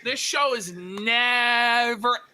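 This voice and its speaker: A man's voice: extremely high pitch, drawn-out words, sharp tone, smooth. A man co-hosting a casual livestream, sarcastic and joking with frequent swearing.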